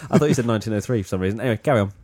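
Male podcast host, low mellow voice, playful, casual. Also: very fast, no echo, clean studio sound. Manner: jokey, teasing, with restarts. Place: small room.

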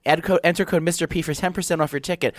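A man co-hosting a casual chat, animated and full of joking gossip, sounding hungover. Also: a little high, very fast, dry recording, clean studio sound. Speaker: podcast co-host.

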